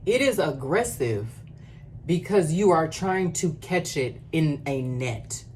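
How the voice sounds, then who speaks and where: Low-voiced woman reacting to videos, slow and blunt, bit sarcastic. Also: expressive, background noise. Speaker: reaction channel host. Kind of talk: casual reaction commentary.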